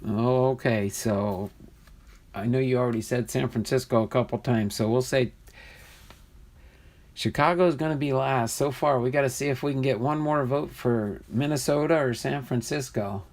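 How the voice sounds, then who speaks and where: A man's voice: medium pitch, normal speed, a little mellow. A man casually hosting a live stream, chatty and easily amused as he reads viewer comments aloud. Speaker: livestream host opening trading card packs.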